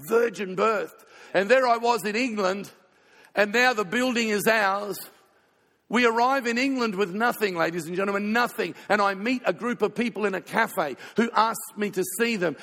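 A man pastor preaching a sermon, telling stories with sudden swings between loud passages and hushed ones. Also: high voice, gravelly. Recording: reverberant hall.

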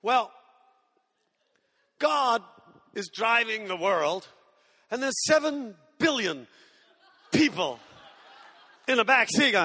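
A man's voice: very high-pitched, animated, takes it slowly, pauses often, sharp tone, big-room sound. An Australian man in his sixties, a pastor preaching a sermon with humorous stories and mimicked whiny voices. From Tasmania, Australia. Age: 60s.

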